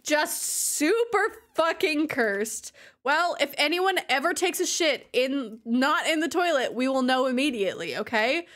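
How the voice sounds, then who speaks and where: Giggly high-voiced woman streamer. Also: animated, unhurried, a bit bright. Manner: giggly, exclaiming, breaks into laughter. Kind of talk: live gaming stream chat.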